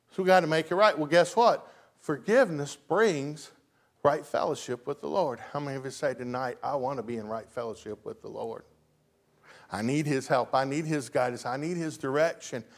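A pastor preaches in a church, talking with his congregation in a folksy, chatty way. His voice sits a little high for a man, and he often chuckles and tosses questions out to the pews. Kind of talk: sermon. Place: church sanctuary.

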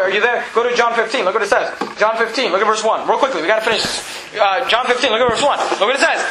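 A man preaching a sermon as pastor, with animated, emphatic repetition. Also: high-pitched, quick pace, roomy sound, crowd noise, rough recording.

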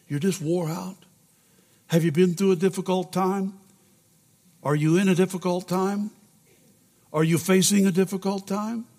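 Male pastor with a high voice, heartfelt and pleading sermon delivery, reverberant sanctuary sound. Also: darkish tone. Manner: emotional, rising to urgent preaching. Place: church sanctuary. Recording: long reverb in a large sanctuary.

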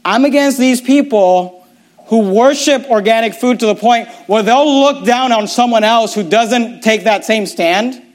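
A man with a high, light voice preaches a sermon in a church. He talks emphatically, mocks with wry asides and often stumbles and repeats words as he presses his point. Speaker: pastor.

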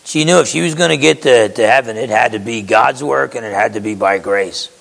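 A man's voice: mid-range voice, fairly quick, vocal fry, a bit bright, big-room sound, low-quality recording. A man preaching a sermon in a conversational way, acting out quotes and often restarting his words.

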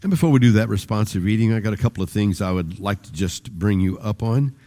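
Older pastor with a mellow, dark voice. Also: male voice, on the low side, fast talker. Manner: rambling, conversational, with restarts and varied emphasis. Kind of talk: sermon.

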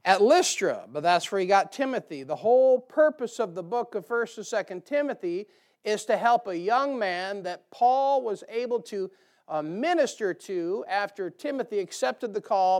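A man's voice: sits high, expressive, moderate pace. A man preaching a sermon to a church, folksy and joking, rising to emphatic bursts. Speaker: pastor. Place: church sanctuary.

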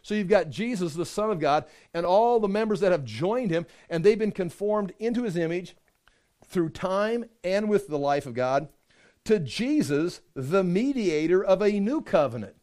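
A man preaching a sermon, animated, acting out quick voices and asides as he reads and explains scripture. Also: high voice. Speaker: pastor.

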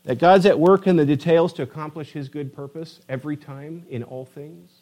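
Delivering his sermon at normal speed, this pastor has a slightly high voice and an animated, forceful style. Rhetorical questions to the congregation come again and again.

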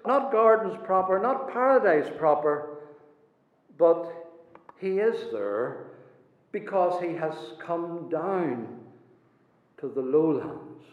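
A man preaching a sermon with passion, swinging between soaring lines and hushed ones. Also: high-pitched. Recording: echoey hall, dull lo-fi sound.

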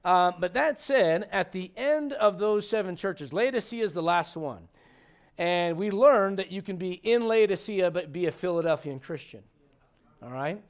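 A man's voice: high voice, lively intonation, moderate pace. A male pastor preaching a conversational sermon to his congregation, emphatic and full of questions to the room. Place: church sanctuary.

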